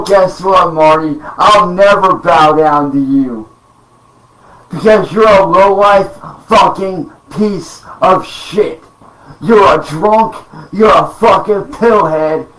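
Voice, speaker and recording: A man rants furiously and swears constantly, his voice pitched high for a man and his words dragged out slowly for emphasis. He sounds a little away from the microphone in an echoey room at home. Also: fairly bright tone, recorded from a distance. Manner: profane, threatening, slow emphatic delivery. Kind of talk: angry rant to camera. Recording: roomy sound, off-mic.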